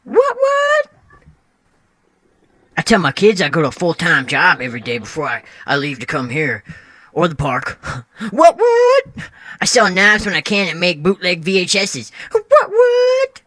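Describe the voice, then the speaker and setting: A man voicing an oddball middle-aged dad confessing his lies, breaking into squeaky "what, what?" yelps. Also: wildly swooping pitch, a little slow, bright, forceful tone, full character voice. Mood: shifty. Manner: squeaky "what, what?" outbursts, shifty.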